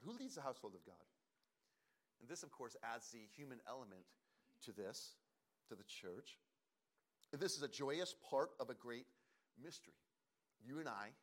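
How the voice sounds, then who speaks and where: A man preaching as pastor, earnest and emphatic, pausing and repeating phrases for stress. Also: medium pitch, fairly bright tone. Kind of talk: sermon.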